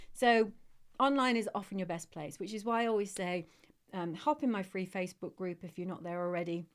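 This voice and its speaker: A woman hosts a live-streamed podcast chat as a dog trainer. She speaks warmly and encouragingly, and her voice turns emotional as she reassures her audience. Her pitch sits in the middle of the range.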